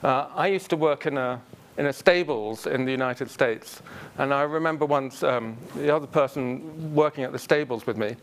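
A man giving a public lecture on word history in a college lecture room, relaxed and full of ums and uhs. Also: mid-range voice, normal speed.

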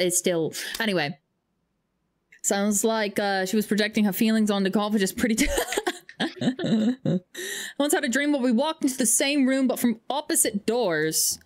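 A young woman streaming a game, chatting casually and rambling through stories with lots of fillers. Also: medium pitch. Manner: rambling, self-deprecating storytelling with frequent fillers. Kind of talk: casual gaming stream chat.

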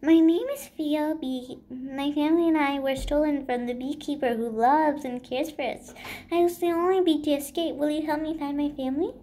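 A woman's voice: high voice, steady tone, moderate pace, mellow, close to an everyday voice. Woman voicing a pleading little bee. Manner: pleading, earnest. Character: small pleading female honeybee.

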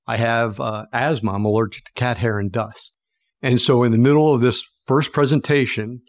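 A middle-aged man from Pennsylvania tells a story as an interview guest, acting out the people in it with lively shifts in his voice. He sits at mid pitch and sounds close and dry, with no room around him. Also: no room sound. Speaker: guest, sales expert.

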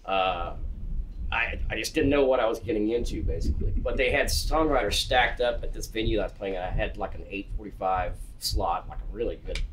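A man, a songwriter guest, telling stories in an animated, rambling way in a casual interview. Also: on the low side, a little fast, a little hiss or hum. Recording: voice distant from the mic.

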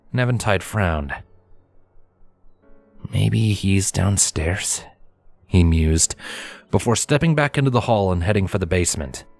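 A man reading a fanfiction story aloud in an expressive storytelling manner. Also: deep voice, no room sound. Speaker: fanfiction reader. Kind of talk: audiobook narration.

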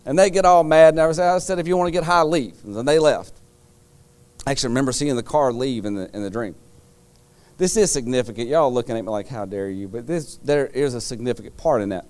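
A pastor, preaching in a church and telling a dream as a story, switching between loud acted-out lines and a low, quiet voice for serious points. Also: lively intonation, brisk. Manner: storytelling, acts out quoted lines with sudden loud jumps. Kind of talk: sermon. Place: church sanctuary.

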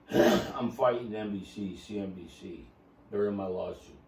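A man's voice: on the low side, measured pace, gravelly, a little mellow, roomy sound, far from the mic, a little hiss or hum. A man telling his story on a podcast, boisterous and rambling, with a salesman's flourish. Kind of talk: casual chat.

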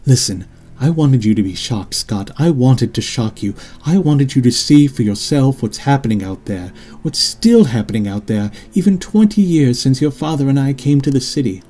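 A man's voice: mid-range voice, animated, moderate pace, mellow, pitched above the performer's own voice, natural voice. A man voicing a worried, insistent middle-aged mother in an audiobook, with pleading, scolding emphasis. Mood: earnest. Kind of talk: audiobook character reading.

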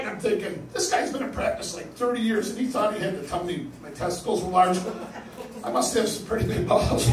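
An older man doing a crude, self-deprecating stand-up set on a comedy club stage. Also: sits high. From New York. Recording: roomy live club sound from a distance. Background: laughing audience.

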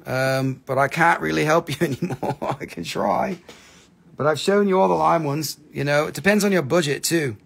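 A man's voice: fairly high pitch, moderate pace, creaky, a bit bright. A man selling minerals on a live stream, chatting casually and rambling, tired after hours on air. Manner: chatty, rambling, puts on crazy accents. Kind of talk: casual live sales chat.

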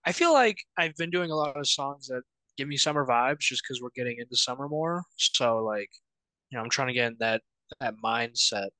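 A young man from Wyoming co-hosting a casual music chat, animated and laughing often as he trails off and restarts. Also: medium pitch, moderate pace, no room sound, poor audio. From Wyoming, United States. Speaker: podcast co-host presenting songs.

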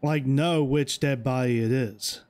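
A man's voice: medium pitch, measured pace, darkish tone. A young man playing a horror game and commenting. He is jumpy, talks to himself and reads instructions aloud. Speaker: gamer. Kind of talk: let's play commentary.

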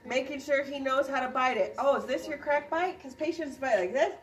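A woman, a dental instructor, demonstrating a procedure to a class and quizzing students with quick questions. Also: high voice, recorded from a distance. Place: clinic classroom. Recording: roomy sound from off-mic.

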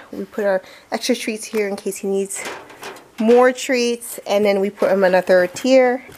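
A woman's voice: mid-range voice, darkish tone, slight background noise. A woman doing a casual how-to vlog as a pet owner, chatty, coaxing and enthusiastic.

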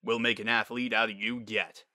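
A man's voice: lowish voice, level tone, moderate pace, pushed and bright, dry recording, studio quality. A man voicing a playful, proud middle-aged pegasus father in a storybook reading, talking in an encouraging fatherly way.

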